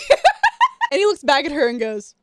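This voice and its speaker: A woman gaming creator telling a story in casual chat while she plays, animated and excitable, with chatty asides and frequent laughs. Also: high-pitched, measured pace, no echo. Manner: chatty, self-interrupting asides.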